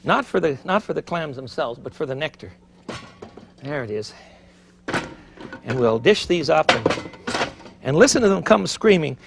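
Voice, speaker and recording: A middle-aged man hosting a TV cooking show, chatty and animated, thinking aloud as he cooks in a studio kitchen. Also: a little high, normal speed, creaky, long pauses, heavy background noise. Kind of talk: TV cooking demonstration. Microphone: broadcast mic.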